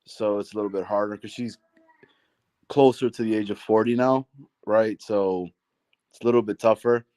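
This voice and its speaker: A man's voice: on the low side, fairly even intonation, moderate pace, pauses often, warm tone, no room sound. A young man, a guest on a casual live stream, chatting in an easygoing way. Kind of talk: casual chat.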